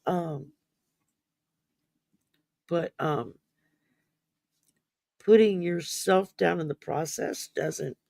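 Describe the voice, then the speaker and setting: A man with a fairly high, gravelly voice talks through a topic in a loose, rambling way, full of ums and restarts, and sounds sleepy. The recording is close and dry. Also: extremely slow, pauses often, darkish tone, dry recording. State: sleepy, yawning. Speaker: podcast host. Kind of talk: casual mental wellness discussion.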